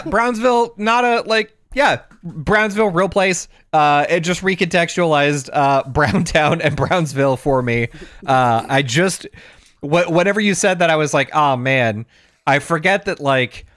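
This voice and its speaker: A fairly high-pitched man chatting loosely on a podcast, wandering through his points with frequent laughter. His voice sits close and dry, with no room around it. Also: animated, normal speed, a bit bright, dry recording. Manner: rambling, laughs often. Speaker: podcast co-host. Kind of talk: casual chat.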